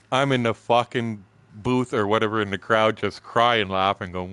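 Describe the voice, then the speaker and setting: A man's voice: on the low side, fairly even intonation, moderate pace, hardly any pauses, a bit bright, clean tone, dry recording. A man in his sixties, a gaming streamer telling a crude, profane anecdote in a casual, chuckling way. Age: 60s. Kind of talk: casual storytelling while streaming.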